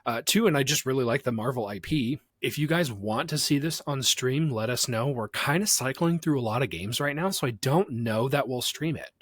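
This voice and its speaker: Young man, podcast co-host, animated delivery, dry close sound. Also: mid-range voice, moderate pace, hardly any pauses, husky, dry recording. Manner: animated, laughs often, slips into silly voices. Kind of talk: casual podcast chat.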